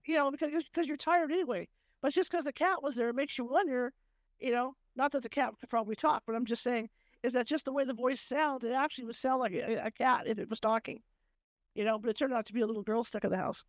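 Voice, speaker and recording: A woman's voice: a little high, fast talker, dry recording, dull audio. A woman who hosts a podcast and investigates the paranormal, chatting casually and rambling with many fillers. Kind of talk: casual chat.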